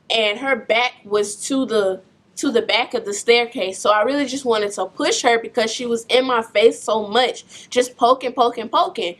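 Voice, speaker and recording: A young woman recounting a painful family story in a personal vlog, speaking softly and in a subdued way. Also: on the high side.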